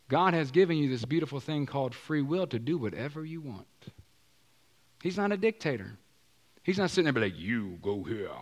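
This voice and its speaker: A male pastor preaching a sermon in a conversational way, often asking the congregation questions and using casual slang. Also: medium pitch.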